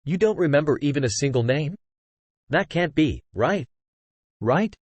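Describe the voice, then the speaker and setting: A man's voice: on the high side, animated, a little slow, darkish tone, dry recording. A synthetic male narrator voicing a hot-tempered young woman fighter who speaks curtly, swears and fires off pressing questions.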